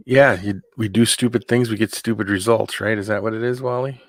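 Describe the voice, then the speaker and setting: Man, low-pitched, rambling casual stream host, dry close sound. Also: dry recording. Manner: rambling, keeps clearing his throat. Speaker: host of a live hangout stream. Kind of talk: casual live-stream chat.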